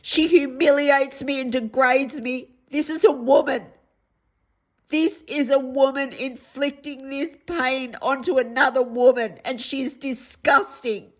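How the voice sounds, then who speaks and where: An Australian woman in a distressed personal vlog monologue, upset and pleading, repeating herself, her voice going hoarse. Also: sits high, steady tone, measured pace, poor audio. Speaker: vlogger.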